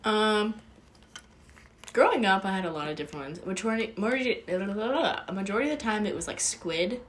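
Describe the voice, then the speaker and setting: A woman's voice: medium pitch, lively intonation, a little fast, slight background noise. A young woman co-hosting a podcast, laid-back and matter-of-fact in casual chat. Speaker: podcast co-host.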